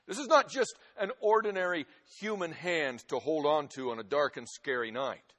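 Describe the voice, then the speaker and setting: Preacher in a reverberant hall. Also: male voice, a little high, normal speed. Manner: dramatic swings from loud emphasis to hushed quiet. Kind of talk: sermon.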